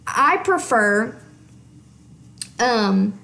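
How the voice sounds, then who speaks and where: A woman teaching music in a relaxed, conversational way, her voice sitting a little on the high side. She keeps checking in with her listener as she explains. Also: drawn-out words, vocal fry, roomy sound. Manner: chatty, checks in with frequent "okay?". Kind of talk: casual instruction.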